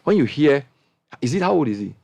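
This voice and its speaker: Man, ghanaian accent, middle-aged, radio panel host, impassioned, wide-ranging pitch, dry sound. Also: fairly quick, gravelly, no echo. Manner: impassioned, animated, rising to high exclamations. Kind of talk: panel discussion.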